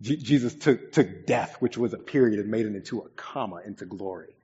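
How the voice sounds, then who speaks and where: A man's voice: on the low side, a little fast, warm tone, breathy edge. Earnest young male pastor preaching. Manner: earnest, conversational storytelling with many fillers. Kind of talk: sermon. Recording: echoey hall, dull lo-fi sound.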